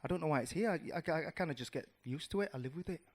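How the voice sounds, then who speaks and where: A man voicing a resigned male bear in a spoken storybook tale, speaking flatly. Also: fairly high pitch, fast.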